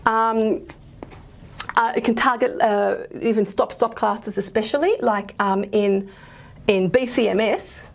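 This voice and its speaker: A woman lecturing on linguistics in a loose, chatty way, full of fillers and quick self-corrections. Her voice is husky, with a gravelly edge at the ends of phrases. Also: fairly high pitch, steady tone. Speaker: university lecturer.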